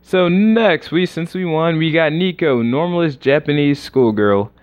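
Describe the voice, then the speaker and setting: A young man casually commenting on a game during a livestream, excitable and rambling as he reacts aloud. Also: fairly high pitch, measured pace. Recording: slightly dull lo-fi recording.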